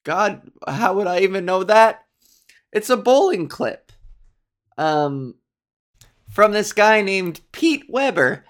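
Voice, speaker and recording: A woman's voice: mid-range voice, lively intonation, slow pace, long pauses. A woman hosting a solo podcast, chatting casually in a rambling, jokey way, full of ums and self-corrections. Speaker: podcast host.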